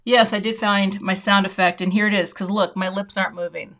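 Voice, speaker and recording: A woman's voice: medium pitch, fairly even intonation, brisk, a bit bright. A middle-aged woman hosting a live crafting stream, chatting casually to viewers and thinking aloud as she works. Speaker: crafting livestream host. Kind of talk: casual live demo chat.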